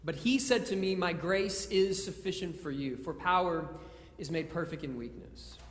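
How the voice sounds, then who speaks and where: A man's voice: fairly high pitch, normal speed. A man preaching a conversational sermon in a church, mixing jokes with scripture and often stumbling and repeating words. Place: church sanctuary. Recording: echoey church hall.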